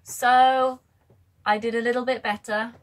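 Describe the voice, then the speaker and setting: A woman's voice: fairly high pitch, flat delivery, a little slow. A woman chatting to camera as a book vlogger, rambling and correcting herself as she goes. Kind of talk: casual chat to camera.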